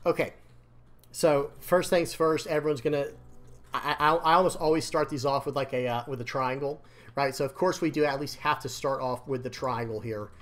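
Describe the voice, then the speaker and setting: Male card game creator, casual rambling commentary, dry strained throat, mid-pitched. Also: fairly even intonation, moderate pace, fairly bright tone. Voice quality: slightly strained voice. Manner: rambling, repeats words, addresses viewers as guys. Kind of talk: casual commentary over screen.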